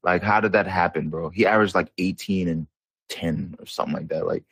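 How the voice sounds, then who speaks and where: Deep-voiced young man in loose sports talk. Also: fairly even intonation, a little fast, vocal fry, a bit bright, slightly rough, dry recording. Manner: loose, rambling, slangy with frequent fillers. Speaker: podcast co-host. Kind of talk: casual sports chat.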